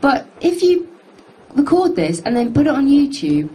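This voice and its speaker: Woman in her 30s just rambling on in a studio, warm mellow tone, bit of room hiss. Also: high-pitched, big pitch swings, normal speed, rough recording. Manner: rambling, chatty, self-mocking. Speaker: singer hosting a live stream chat. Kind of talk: casual chat. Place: music studio.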